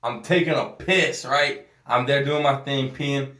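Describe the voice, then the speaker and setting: A man co-hosting a casual podcast, telling profane, animated stories with acted-out quotes, recorded on a phone in a home studio. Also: mid-range voice, measured pace. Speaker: podcast co-host. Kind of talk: casual chat. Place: house used as a home studio. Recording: echoey room, off-mic.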